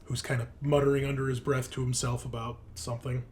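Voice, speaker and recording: A man's voice: medium pitch, little pitch movement, fast talker, a little mellow, a little hiss or hum. A man narrating as game master of a tabletop role-playing game, hesitant with many fillers.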